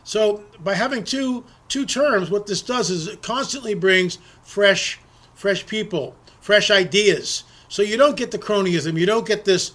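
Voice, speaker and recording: Speaking at a measured pace, a middle-aged man with a high, somewhat bright voice hosts a political monologue full of opinions. He presses his points emphatically, repeating words for effect.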